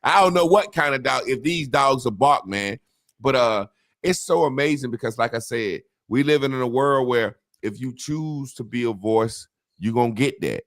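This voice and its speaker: A man hosting a casual talk show, telling rambling profane stories with animated impressions. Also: medium pitch, normal speed, dry recording, studio quality. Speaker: podcast host. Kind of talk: casual chat.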